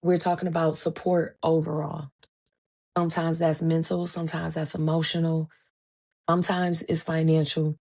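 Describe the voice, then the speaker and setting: A woman's voice: low voice, moderate pace. A woman in her thirties hosting a solo podcast, talking casually and telling stories by acting out the voices of the people in them. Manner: animated storytelling, acts out quoted dialogue; conversational, colloquial phrasing. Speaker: podcast host.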